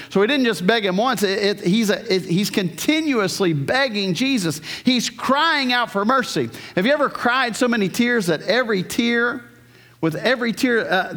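An earnest pastor preaches with a high, light voice, often turning to the congregation with questions. His words trail off into a long reverb that fills a large hall. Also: a bit bright. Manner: earnest, asks the congregation questions, frequent restarts. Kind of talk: sermon. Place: church hall.

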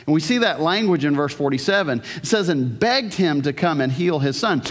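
An earnest pastor preaches with a high, light voice, often turning to the congregation with questions. His words trail off into a long reverb that fills a large hall. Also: animated, fairly quick. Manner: earnest, asks the congregation questions, frequent restarts. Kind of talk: sermon. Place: church hall.

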